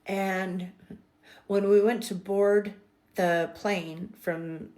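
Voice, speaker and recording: A middle-aged woman telling a personal spiritual story in a vlog, emotional and expressive, dropping to whispers and rising into excited bursts. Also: medium pitch, extremely slow.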